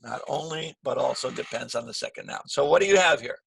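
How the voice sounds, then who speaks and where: A man teaching an English grammar lesson, slow and patient, repeating key phrases with stress. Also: mid-range voice, lively intonation, creaky, a bit bright, slightly rough, no room sound.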